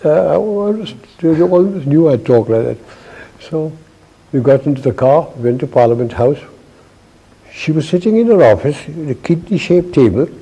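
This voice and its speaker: Older man, dark raspy voice, jocular raconteur. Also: mid-range voice, poor audio. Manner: wry, jocular, acts out dialogue. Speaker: retired army chief interviewee. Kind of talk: anecdotal storytelling interview.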